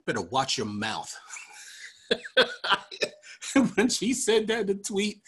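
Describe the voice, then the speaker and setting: Husky-voiced man riffing on politics. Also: medium pitch, a bit bright. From New York. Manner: joking, laughs often, rambling asides. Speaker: podcast host. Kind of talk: casual political commentary.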